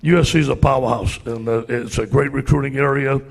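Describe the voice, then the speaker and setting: Man, Cajun accent, husky gravelly voice, animated folksy anecdotes, middle-aged coach. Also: medium pitch, fairly quick, long reverb tail. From Louisiana. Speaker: guest speaker, football coach. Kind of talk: storytelling speech to a club audience.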